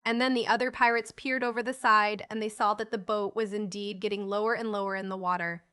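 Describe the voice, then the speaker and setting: A woman's voice: medium pitch, flat delivery, brisk, fairly bright tone, clean tone. A woman narrating a children's storybook audiobook, reading each character in a lightly lifted voice.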